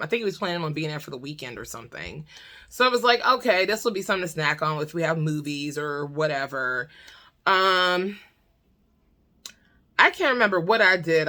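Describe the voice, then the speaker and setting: A woman vlogger telling a comedic story in a casual, animated, exasperated way, swearing freely. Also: low-pitched.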